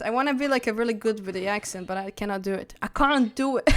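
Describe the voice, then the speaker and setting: A woman's voice: fairly high pitch, a little fast. Giggly woman streamer chatting over gameplay. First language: not English. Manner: chatty and giggly, bursts into excited squeals. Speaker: live streamer. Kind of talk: casual gaming stream chat. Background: faint game music.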